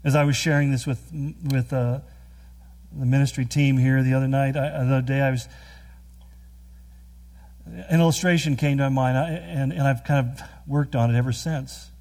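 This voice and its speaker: A man preaching a sermon, earnest and emphatic, with quick storytelling asides. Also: medium pitch, steady tone, a little mellow. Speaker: pastor.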